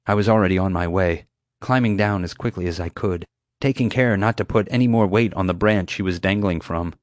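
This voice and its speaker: Low-voiced man narrating a storybook. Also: brisk, no room sound. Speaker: audiobook narrator. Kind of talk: first-person storybook narration.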